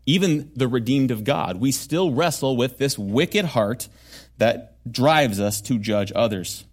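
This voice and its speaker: A man's voice: medium pitch, animated, unhurried. A male pastor delivering a sermon to his church in an earnest, conversational way, with frequent asides to the congregation.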